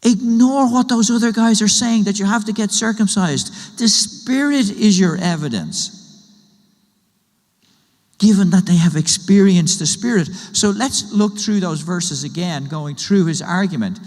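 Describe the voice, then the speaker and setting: A man's voice: high-pitched, measured pace, darkish tone, long reverb tail. A man preaching a sermon in a conversational way, building his point through everyday illustrations and questions. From Ireland. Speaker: pastor.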